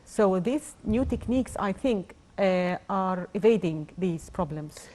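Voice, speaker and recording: A woman's voice: mid-range voice, expressive, unhurried, a little mellow. A woman hosting a morning TV interview, asking polite questions with many fillers. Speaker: TV show host.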